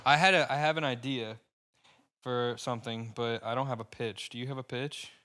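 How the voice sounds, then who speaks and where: A man's voice: mid-range voice, steady tone, bright, forceful tone, clear, resonant tone. A young man co-hosting a podcast, chatting casually, swearing a lot and getting worked up as he rambles about stand-up. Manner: profane, rambling, gets worked up fast. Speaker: podcast co-host and stand-up comic.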